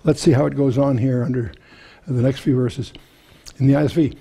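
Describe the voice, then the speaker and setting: A man leads a Bible study, reading each passage aloud before explaining it in his own words, often restarting his sentences. His voice is gravelly and a little husky. It sits mellow and dark. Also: medium pitch, steady tone, brisk, long pauses. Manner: reads scripture aloud then explains it, with frequent restarts. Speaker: Bible teacher.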